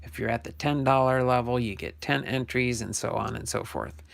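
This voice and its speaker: An older man with a gravelly edge to a middle-pitched voice hosts a relaxed live stream about sports cards. He talks loosely, stops to correct himself and thinks out loud. He grew up in New Jersey. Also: normal speed. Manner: chatty, self-correcting, thinking aloud. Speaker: sports card channel host. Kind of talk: casual live stream chat.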